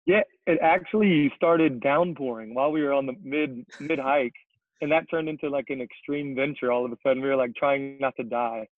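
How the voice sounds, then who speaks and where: A man's voice: medium pitch, a little fast, dry recording. A young man, a CrossFit coach, chatting casually as a podcast guest and rambling with plenty of fillers. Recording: tinny phone-like remote line.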